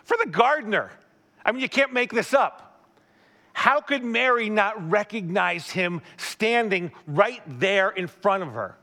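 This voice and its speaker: Male pastor, high and bright voice, chatty sermon with lively asides. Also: unhurried. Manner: animated storytelling, asks the listener questions. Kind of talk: conversational sermon.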